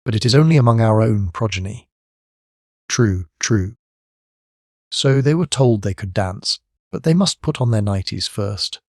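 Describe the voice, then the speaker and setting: A man narrating a classic storybook in a measured, scripted way. His voice sits on the low side. The sound is dry and close, with no room in it. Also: lively intonation, darkish tone, no room sound. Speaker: audiobook narrator.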